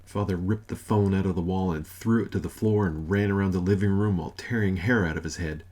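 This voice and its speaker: Low-voiced male narrator, dry wry read of a comic novel. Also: fairly quick, darkish tone. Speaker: audiobook narrator.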